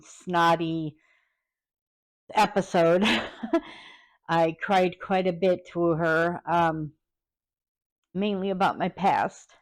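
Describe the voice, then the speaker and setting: A woman vlogger talking candidly and hesitantly, pausing often and close to tears. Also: lowish voice. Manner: halting and hesitant, many pauses; openly vulnerable, close to tears. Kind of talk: candid personal vlog.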